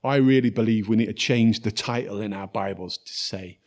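A man, preaching a sermon in a lively storytelling way and dropping to soft, quiet tones for scripture. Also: on the low side, normal speed.

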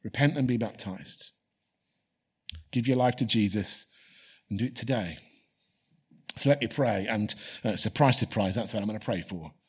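A man's voice: on the low side, normal speed, long pauses, slightly rough. A man preaching a sermon and leading a prayer, earnestly repeating key phrases for emphasis. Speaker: pastor.

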